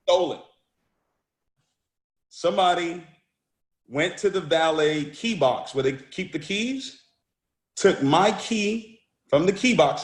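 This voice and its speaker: A man giving a motivational talk and telling a story, speaking energetically and often repeating words as he restarts phrases. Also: high voice. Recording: roomy echo.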